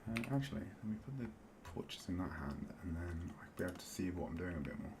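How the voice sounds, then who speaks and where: A man with a fairly low voice streams a building game, thinking aloud as he works. His pitch moves a lot as he muses. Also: animated, fast, noisy background. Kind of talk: casual gameplay commentary.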